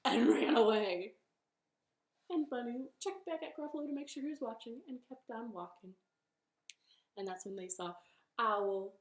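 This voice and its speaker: A female children's librarian reading a storytime from her living room, with a gentle, encouraging manner. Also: a little high, moderate pace, long pauses, reverberant.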